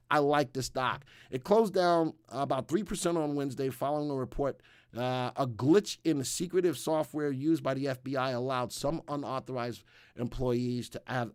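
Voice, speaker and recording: A man hosts a casual live market show, chatting loosely and rambling with fillers and asides. His voice sits at an ordinary middle pitch. The sound is dry and close, with no room echo. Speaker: livestream host.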